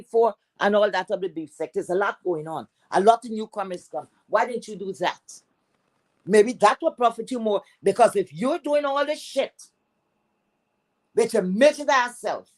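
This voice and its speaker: A woman's voice: a little high, animated, moderate pace. Cursing Caribbean woman ranting on stream. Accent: Caribbean English. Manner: loud, cursing, repeats phrases, swings between yelling and muttering. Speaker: livestream host. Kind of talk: heated livestream rant.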